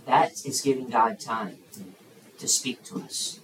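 A man's voice: medium pitch, slow pace, echoey room, far from the mic, poor audio. A man preaching to children at a youth camp, asking them questions and acting out the voices in the story. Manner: animated, acts out the story's voices, asks the kids questions. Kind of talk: sermon to children. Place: large room at a campground.

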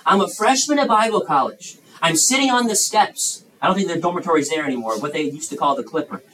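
A man in his thirties with a high voice preaches to young people. He swings from loud, pleading bursts down to quiet, confiding asides. He is heard from a distance, with faint room noise around him. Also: lively intonation, fast. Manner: impassioned, swings between loud emphasis and hushed asides.

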